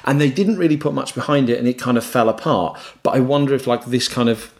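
A British man at a middle pitch chatting on a casual games podcast. He rambles loosely, leaning on "like" and "kind of" as he goes. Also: fast talker, a little mellow. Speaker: games journalist podcast co-host.

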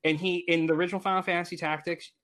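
A man in his thirties with a slightly higher voice, chatting on a gaming podcast. He talks with eager enthusiasm, rambling and restarting his sentences as his ideas tumble out. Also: level tone, rapid-fire, fairly bright tone. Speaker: podcast co-host. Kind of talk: casual gaming podcast chat.

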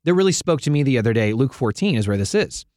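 A man hosting a casual faith-focused chat, a playful and animated storyteller. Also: medium pitch, fast, no echo, clean studio sound. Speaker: podcast host.

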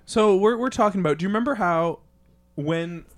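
A man's voice: high voice, fairly quick, natural voice. A man improvising a questioner probing a death at a party, asking wry follow-up questions in a comedy podcast. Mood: curious.

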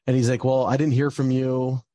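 A man's voice: medium pitch, flat delivery, brisk, dark tone, no echo. A young man telling a personal story in a casual, rambling way, with lots of fillers and bursts of frustration. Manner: rambling, many fillers, gets heated and swears.

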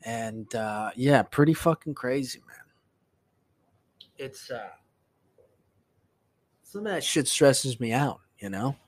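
A man hosting a casual solo podcast, telling a story in profane, animated bursts that climb into a rant. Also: mid-range voice, takes it slowly, pauses often, dry recording. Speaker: podcast host.

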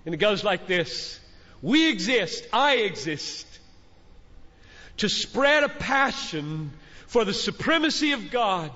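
A man's voice: sits high, bright, forceful tone. A middle-aged man preaching a fervent sermon from a stage, exhorting his listeners with emphatic repetition. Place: large conference hall. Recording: dull recording, long hall reverb.

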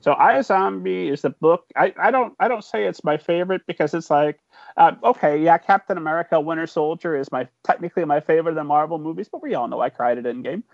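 A man's voice: a little high, fast, vocal fry, dry recording. A man hosting an interview podcast, enthusiastic and chatty. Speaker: podcast host. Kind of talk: casual interview chat. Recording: dry close sound, dull lo-fi audio.

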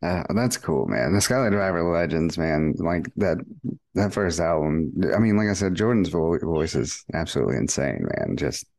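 A man's voice: sits low, animated, normal speed, creaky, darkish tone. A man hosting a casual podcast interview, laid-back, reacting with short enthusiastic remarks and frequent laughs. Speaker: podcast host.

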